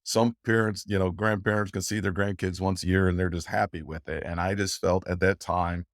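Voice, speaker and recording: Talking fairly quickly in a low-pitched, level tone, an older man guesting on an interview goes on at length with plenty of emotion, laughter and restarts. There's no echo, and the studio sound is clean.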